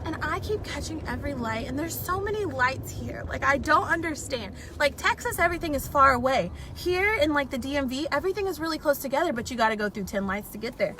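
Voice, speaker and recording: A woman's voice: high-pitched, expressive, fast talker, few pauses. A young woman rambling and venting with lots of swearing as she talks on a live stream from her car. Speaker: vlogger. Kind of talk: casual live-stream chat while driving. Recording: phone audio with loud car noise. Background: road and traffic noise.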